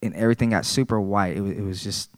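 A man's voice: on the low side, steady tone, fast talker, no room sound. A man giving a personal church testimony, earnest and plain-spoken, repeating his phrases.

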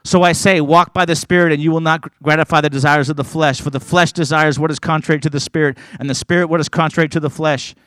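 Male preacher, high voice, earnest and emphatic, stumbles into chatty asides, close and dry. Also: steady tone, fast talker, hardly any pauses, a bit bright, no echo. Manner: earnest, emphatic preaching, reading scripture aloud; conversational asides with stumbles and repeats. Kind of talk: sermon.

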